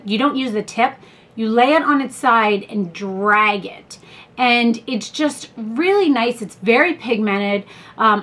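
A woman's voice: a little high, fairly bright tone. A woman talking through a makeup haul in a chatty, rambling way, full of fillers and asides. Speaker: beauty vlogger. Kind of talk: casual product review haul.

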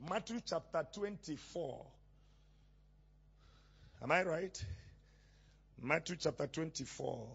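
A male pastor preaching a sermon, asking questions and having the congregation call back the missing words, often rising to shouts. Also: high-pitched, creaky, husky, muffled recording.

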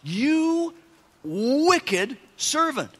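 A man's voice: sits high, very animated, normal speed, a bit bright, husky, exaggerated voice. A man voicing a stern, angry king who rebukes his servant, read aloud in a sermon. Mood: rebuking. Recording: long church-hall reverb.

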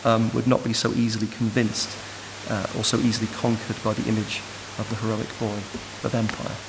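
Male lecturer, gravelly voice, long hall reverb, steady hiss. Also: fairly low pitch, brisk. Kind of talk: academic lecture. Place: lecture room.

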